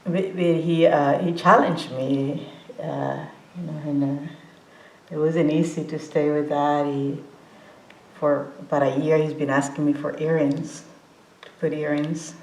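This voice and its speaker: A woman in her forties gives a casual meditation talk in a roomy hall. Her voice sits low and she moves slowly, pausing on fillers and restarting phrases. She laughs easily as she talks. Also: little pitch movement, darkish tone. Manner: halting, many fillers and restarts, laughs often. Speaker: meditation teacher. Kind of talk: informal dharma talk.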